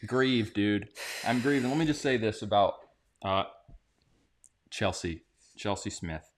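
A man's voice: fairly low pitch, animated, a little slow, a little hiss or hum. A man co-hosting a casual talk show, commenting in a heated, sarcastic way that rises when he gets worked up. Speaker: podcast co-host.

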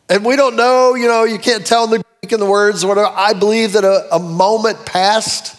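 A man preaching with animation and a fairly high voice, swinging his pitch up and down as he quotes scripture. His words ring out with a long reverb, as in a large hall. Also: normal speed, fairly bright tone. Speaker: pastor. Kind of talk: sermon.

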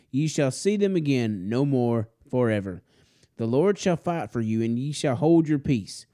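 A man's voice: mid-range voice, dark tone. A man reading scripture aloud and explaining it in a casual, folksy way, often correcting himself. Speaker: Sunday school teacher.

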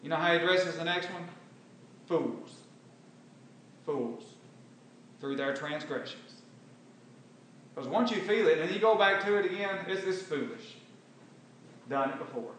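A man preaching a sermon and quoting scripture, swinging between loud emphatic bursts and quiet earnest stretches. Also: on the high side, normal speed, pauses often, very echoey, far from the mic, a little hiss or hum, low-quality recording.

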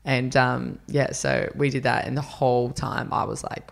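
Chatty man, gravelly voice. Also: medium pitch, little pitch movement, moderate pace, few pauses. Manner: chatty storyteller, acts out quotes, many fillers. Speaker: podcast guest, runner. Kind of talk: casual interview chat.

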